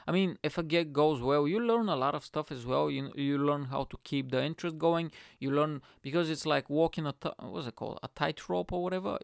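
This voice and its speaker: Gravelly, smooth-voiced man telling stories. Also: on the high side, no room sound, studio quality. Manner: rambling, profane, animated quotes. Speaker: stand-up comedian. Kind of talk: casual storytelling.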